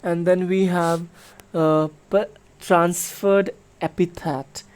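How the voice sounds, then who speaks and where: Slow and on the low side, her darkish voice keeps a fairly even intonation. The speaker is a middle-aged woman teacher patiently going over a poem with her class, full of fillers and spelling words out letter by letter.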